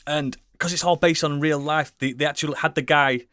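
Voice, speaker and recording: A man's voice: on the high side, steady tone, fairly quick, a bit bright, clear, resonant tone, no room sound, studio quality. A British man co-hosting a casual podcast, rambling enthusiastically with lots of swearing and restarts. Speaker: podcast co-host. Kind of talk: casual chat.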